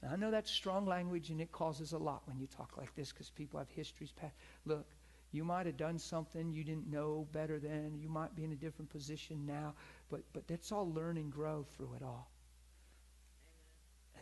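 A man's voice: on the high side, steady tone, moderate pace, vocal fry, breathy edge. A middle-aged man preaching a sermon in a conversational, storytelling way, calling out to his congregation.

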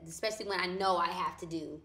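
A woman in her thirties with a raspy, slightly hoarse voice, a loud and laughing storyteller in a casual interview. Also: fairly low pitch, fast talker, crowd noise. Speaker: guest actor. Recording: echoey room, faint noise.

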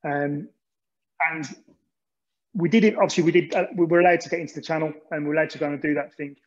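Man, from England, informal presentation, slightly high voice, halting restarts, dull lo-fi audio. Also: steady tone. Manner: rambling, many restarts and ums. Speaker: speaker recounting an endurance relay. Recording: dull lo-fi recording.

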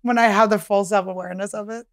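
A woman's voice: mid-range voice, fairly even intonation, fast, a crowd in the background. A woman comedian hosting her podcast, chatty and self-mocking, laughing often and swearing freely. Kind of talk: casual podcast chat.

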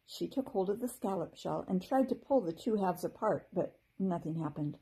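Gentle, breathy teacher reading aloud. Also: female voice, fairly low pitch, moderate pace, few pauses, poor audio. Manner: gentle and expressive.

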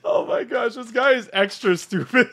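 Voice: medium pitch, huge pitch swings, moderate pace, a bit bright. A video host giving casual, amused commentary on a prank call.

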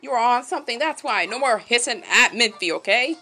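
High, lively woman chatting while gaming. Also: normal speed, soft background music, rough recording. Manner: chatty, talks to game animals like pets; lively exclamations. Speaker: streamer. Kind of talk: casual game commentary.

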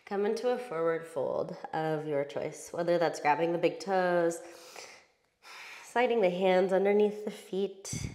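A woman yoga instructor calmly cueing breath and poses through a guided class. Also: fairly low pitch, measured pace, reverberant.

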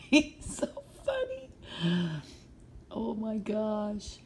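A woman's voice: mid-range voice, huge pitch swings, extremely slow, creaky, long pauses, a little hiss or hum. A woman in a casual home video, talking to her dog in a coaxing, amused, playful way. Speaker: pet rescue vlogger.

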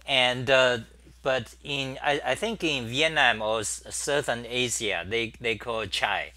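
A man's voice: mid-range voice, takes it slowly, pushed and bright, no echo. A middle-aged man hosting a casual live-stream chat, rambling and thinking aloud with many fillers while he types at his desk. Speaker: talk show host.

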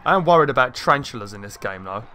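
A man giving casual let's-play commentary, excitable, swearing a lot and chatting to the game's creatures. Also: mid-range voice, rapid-fire, clean tone. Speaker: gaming channel host.

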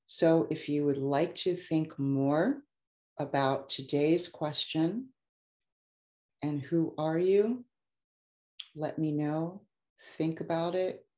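Heartfelt low-voiced woman coach, echoey room. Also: a little mellow. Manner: effusive and heartfelt, gets emotional. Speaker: life coach. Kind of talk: motivational talk to an online audience.

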